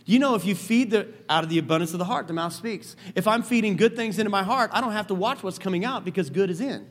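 High-voiced man preaching a lively sermon. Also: fast talker. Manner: lively storytelling with asides. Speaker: pastor.

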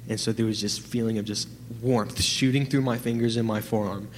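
A man's voice: on the low side, fairly quick, in a large hall, a little hiss or hum. Nervous young man telling a testimony. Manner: excited, rambling with many fillers. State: nervous, trembling. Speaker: testimony giver. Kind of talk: personal testimony in church.

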